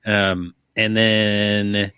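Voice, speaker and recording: A young man co-hosts a casual podcast, swearing and joking as he reads through a plot. His voice is bright and a little low, recorded close and dry. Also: little pitch movement, drawn-out words, clear, resonant tone, no echo. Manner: loose, profane, joking, reads aloud then riffs. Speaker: podcast co-host. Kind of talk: casual chat, reading a plot summary.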